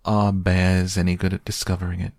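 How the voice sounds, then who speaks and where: Man voicing a simple bear, storybook, soft, slow, puzzled, low gravelly voice. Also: monotone, no echo, clean studio sound. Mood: gentle. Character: simple, good-natured male bear.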